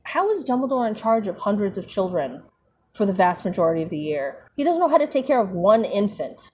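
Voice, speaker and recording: A woman's voice: mid-range voice, sing-song, fairly quick, a little mellow, a little hiss or hum. Sarcastic woman ranting between book passages. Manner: sarcastic, profane asides, frequent fillers. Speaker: streamer reading a book aloud. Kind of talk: casual commentary while reading aloud.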